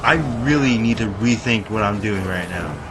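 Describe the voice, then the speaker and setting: A man giving casual let's-play commentary, rambling and talking straight to his viewers, often breaking into excited exclamations. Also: fairly low pitch, normal speed, over music. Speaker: gameplay commentator.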